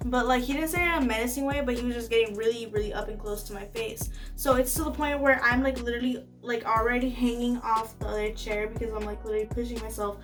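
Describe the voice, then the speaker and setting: A young woman with a fairly high voice tells a storytime, leaning on "like" and stressing words as she retells what happened. She sits a little back from the phone mic, with soft music running under her talk. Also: steady tone, fast talker, few pauses, far from the mic. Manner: chatty, fillers of "like", emphatic retelling. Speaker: storyteller vlogger. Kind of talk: casual storytime. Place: indoors at home. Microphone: phone camera.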